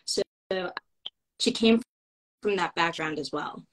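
A woman's voice: lowish voice, unhurried, a bit bright, rough recording. Rambling enthusiastic woman guest. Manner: enthusiastic, rambling with fillers and restarts. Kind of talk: casual conversation.

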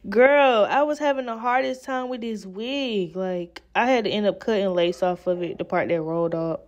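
Chatting directly to her viewers, a young woman walks through installing a wig while at a mirror in her home, casual and a bit exasperated, calling them "girl" and "y'all." Her medium-pitched voice is slightly mellow, at a normal speed with few pauses.

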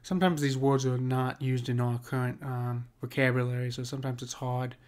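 A man talks through a lesson in relaxed, conversational tones and keeps asking his listeners whether they follow. His voice sits at an ordinary middle pitch. He slows down to read verse lines aloud before going back to his explanation. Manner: conversational, checks in with "right?" often. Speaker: teacher. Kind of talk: casual screen lesson on poetic meter.

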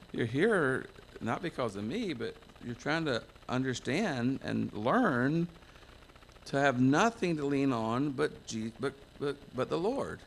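A man's voice: mid-range voice, vocal fry, a little hiss or hum. A man from the United States preaching a folksy, self-mocking sermon to a church congregation, wandering into asides. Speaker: pastor.

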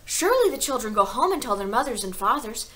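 Indignant chatty schoolgirl, as a woman reads her, emphatic, bright, loud. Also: a little high, very animated, fast talker. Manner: emphatic, outraged questions. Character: indignant, talkative little schoolgirl.

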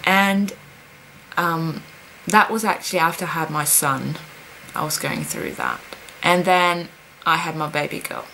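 A young woman speaking in a personal confessional vlog, hesitant and halting, with many pauses and fillers. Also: deep voice, animated, creaky, bright, forceful tone, slight background noise, poor audio. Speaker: vlogger.

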